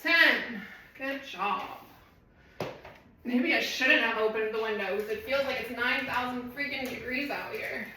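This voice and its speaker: A woman's voice: a little high, unhurried, background noise. A woman fitness trainer leading a live home workout, chatting and rambling while she counts reps. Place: room at home. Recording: echoey room, voice from far off.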